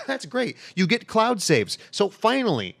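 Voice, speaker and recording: A man talks games with his co-host, his pitch rising and falling a lot as he argues his opinions. He laughs easily and jokes in a loose, casual way. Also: a little slow, vocal fry. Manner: opinionated, animated, laughs often. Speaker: podcast co-host. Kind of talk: casual chat.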